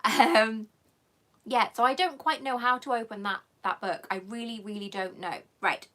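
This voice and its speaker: A woman's voice: a little high, normal speed, bright, forceful tone. A woman hosting a live stream, chatting affectionately with viewers in a rambling, emotional way and coming close to tears. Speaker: channel host.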